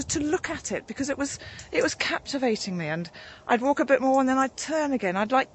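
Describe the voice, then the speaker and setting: A woman reverend giving a gentle, musing devotional reflection, a bit out of breath after a morning walk outdoors, with frequent ums and restarts. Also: fairly high pitch, husky. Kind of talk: informal spoken devotional reflection.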